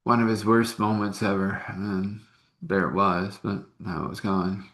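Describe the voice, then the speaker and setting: Man, low voice, rambling storyteller, halting delivery, casual. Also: fairly even intonation, a bit bright. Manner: halting, rambling, with many restarts and fillers.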